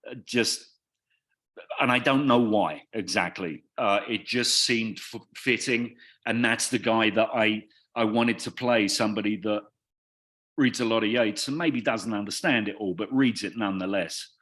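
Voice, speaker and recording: A man from northern England, an actor being interviewed, talking in a wry, self-deprecating way with thoughtful pauses. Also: fairly low pitch, a bit bright. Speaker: actor guest. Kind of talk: casual interview chat.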